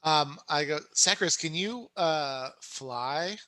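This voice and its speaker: A man's voice: on the high side, slow pace, bright, forceful tone, no room sound. A man playing a tabletop game, goofy and given to giggling. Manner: giggly and goofy, often laughs. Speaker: player.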